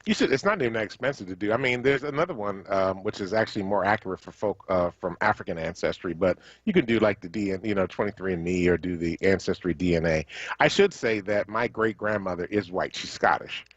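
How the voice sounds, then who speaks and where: A man hosting a talk radio show, chatting in a relaxed way with his co-host and thanking listeners. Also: sits low, fast talker, dry recording. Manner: relaxed, conversational, ends by signing off the show. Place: radio studio. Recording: dull lo-fi stream audio.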